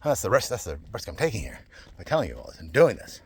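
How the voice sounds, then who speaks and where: A man speaks straight to camera in a loose, wandering monologue. His voice is husky, with a pitch that rises and falls a lot. He circles back on himself, repeats phrases and breaks into laughs. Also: fast. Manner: animated, digressive, laughs often, repeats himself. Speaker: vlogger.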